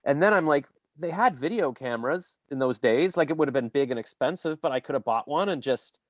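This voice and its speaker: A man's voice: on the high side, lively intonation, brisk, no echo. A man hosting a casual interview podcast, telling long rambling stories full of fillers and restarts. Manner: rambling storyteller, many fillers. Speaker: podcast host.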